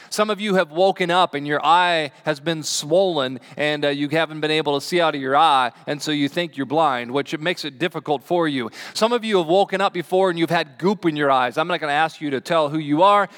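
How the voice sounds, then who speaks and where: A man's voice: fairly high pitch, a bit bright. Chatty male pastor preaching a sermon. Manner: chatty, asks the congregation questions. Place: church sanctuary.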